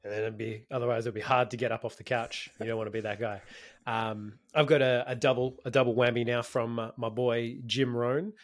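A man's voice: medium pitch, brisk. A man co-hosting a podcast, chatting casually with lots of fillers and the odd swear word. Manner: relaxed and conversational, with filler words and swearing. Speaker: podcast co-host.

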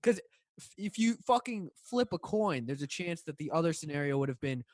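A man's voice: fairly high pitch, lively intonation, brisk, dry recording. Rambling, swearing man in dry chat. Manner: rambling, profane, laughs through his stories. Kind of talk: casual chat.

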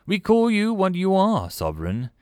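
A man voicing a polite, cryptic, many-eyed tentacled alien noodle vendor in a storybook reading, with a deep, wet, formal way of speaking. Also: wildly swooping pitch, moderate pace, mellow, no room sound, clean studio sound. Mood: courteous, cryptic. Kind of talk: audiobook character voice.

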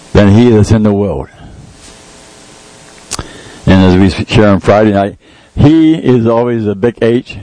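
A man's voice: lowish voice, dark tone, rough recording. A man giving an informal, folksy sermon, joking about himself and reading scripture aloud. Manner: folksy, jokey, laughs at himself, quotes scripture. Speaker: lay preacher.

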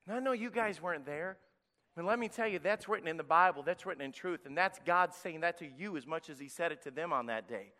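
A man preaching to children as a pastor, energetic and emphatic, dropping to a hush for key points. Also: on the high side, fairly quick, big-room sound. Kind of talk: children's sermon.

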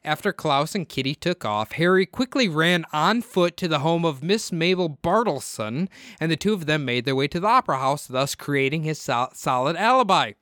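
A man's voice: a little high, lively intonation, moderate pace, a bit bright, dry recording, clean studio sound. Laughing man reading a crime story. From Minnesota. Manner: reads the case from notes, laughs often. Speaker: podcast co-host. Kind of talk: casual true-crime podcast chat.

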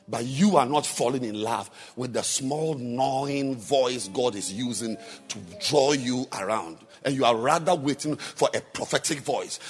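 A man preaching a sermon. He swings between soft asides and loud exhortation. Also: mid-range voice. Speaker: pastor.

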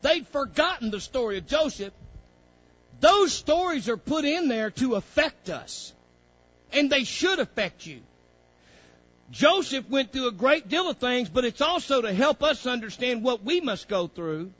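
A man's voice: extremely high pitch, very animated, measured pace, a bit bright, no room sound, highs cut off. A man leading a Bible study lesson for young students, folksy and preacherly, often saying "praise God". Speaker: Bible teacher.

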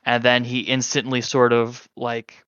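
A man runs a tabletop horror game at an unhurried pace, pausing often and filling the gaps with ums. His voice is bright and smooth but sounds a little dull and lo-fi, in a dry room. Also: mid-range voice, completely flat delivery, no echo. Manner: halting, hesitant narration with many fillers. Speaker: game master.

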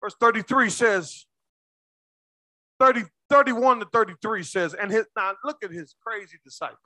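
A male pastor preaching a sermon with call-and-response, swinging between shouts and low asides. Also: moderate pace, dry recording.

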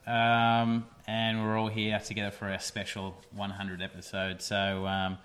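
A man's voice: lowish voice, completely flat delivery, unhurried, fairly bright tone. Chatty man hosting a podcast. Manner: chatty, rambling with many fillers. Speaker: podcast host. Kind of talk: casual solo podcast chat.

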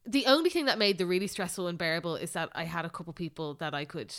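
A young Irish woman co-hosting a podcast in casual, animated chat. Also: fairly low pitch, quick pace. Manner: animated, exclaiming, relaxed. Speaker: podcast co-host.

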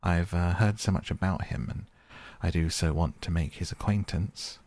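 A man voicing a mild, candid male mole in a storybook reading, speaking gently and cautiously in a deep, husky, gravelly voice. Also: normal speed, no room sound.

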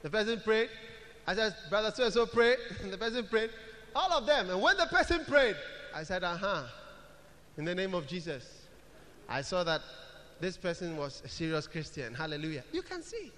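A male pastor preaching a sermon in church, chanting short scripture phrases over and over and building to loud calls. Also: high-pitched, very animated, normal speed, in a large hall.

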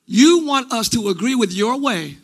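A middle-aged man preaching a sermon as pastor in a church, shouting his points with animated emphasis. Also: very high-pitched, moderate pace, a little hiss or hum. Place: church sanctuary.

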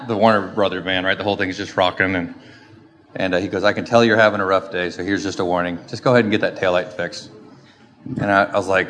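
A middle-aged man giving a lively personal testimony in church, acting out his own frustrated rants as he tells the story. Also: on the low side, fairly quick. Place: church sanctuary. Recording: echoey hall with faint background noise.

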